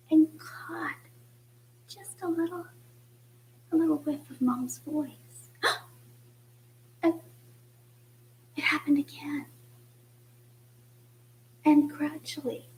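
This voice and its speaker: A woman, a mother, preaching a reflective sermon in church, often dropping to a soft, hushed voice. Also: sits high, rough recording. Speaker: church speaker.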